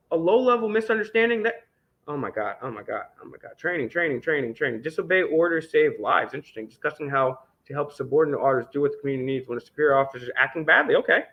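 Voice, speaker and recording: An indignant man rants through a stack of documents, his fairly high voice leaping up and down with sarcasm as he swears freely. The dull, lo-fi recording takes the edge off his voice. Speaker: independent news vlogger. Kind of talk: ranting commentary reading documents aloud.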